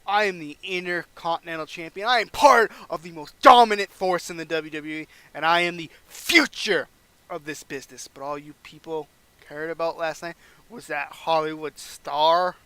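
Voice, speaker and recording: A man's voice: fairly high pitch, moderate pace, a bit bright, clear, resonant tone, no room sound, close to an everyday voice. A man reading out a smug young wrestling heel. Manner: smug taunting promo.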